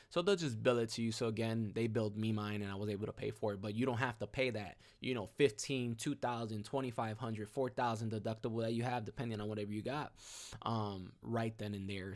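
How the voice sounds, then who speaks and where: A man hosting a live stream, telling his story in a casual, slangy, energetic way. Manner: slangy, energetic, peppered with "boom" and "mad cool".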